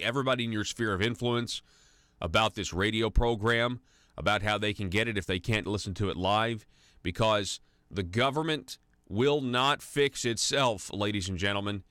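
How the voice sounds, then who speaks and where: A man's voice: on the low side, normal speed, fairly bright tone, no echo. A man hosting a conservative talk radio show, delivering an indignant, sarcastic monologue full of restarts into a studio microphone. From United States.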